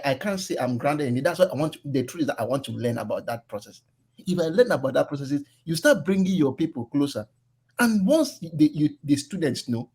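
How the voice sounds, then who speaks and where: A man's voice: fairly high pitch, darkish tone, slightly rough. A man with a Nigerian accent talking earnestly in a casual online political discussion, slipping into Pidgin phrases. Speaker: caller.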